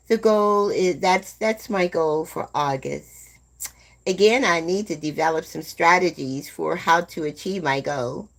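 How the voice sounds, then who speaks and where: Gentle woman in her seventies, slow and low. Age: 70s. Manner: slow, gentle, calls viewers "my dear love". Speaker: live stream host. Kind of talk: casual chat with live viewers.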